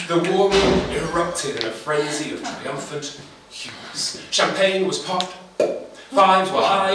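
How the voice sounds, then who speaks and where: A man's voice: fairly high pitch, takes it slowly. A man performing comic spoken-word poetry at a poetry slam, with a dramatic, wry, theatrical delivery, recorded far off in a noisy, echoey live venue. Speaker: slam poet.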